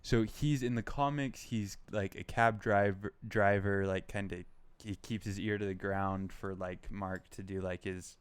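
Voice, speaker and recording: A man's voice: lowish voice, fairly even intonation, unhurried, hardly any pauses, clean tone, dry recording. A young man co-hosting a casual pop culture podcast, rambling with lots of "like" and "um". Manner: rambling, heavy use of "like" and "um". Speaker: podcast co-host.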